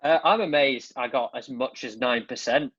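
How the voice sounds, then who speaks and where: A man's voice: medium pitch, moderate pace, a bit bright, slightly rough, dry recording, lo-fi sound. A man joining a football podcast as a guest over a video call, bantering dryly. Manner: dry, joking banter. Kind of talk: casual football podcast chat.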